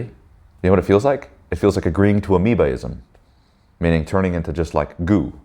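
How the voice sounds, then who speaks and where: A man's voice: low-pitched, expressive, moderate pace, pauses often, mellow. A man leading a men's group in a casual motivational talk, blunt and emphatic, swearing freely and checking in with listeners. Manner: addresses listeners with frequent "right?" tags.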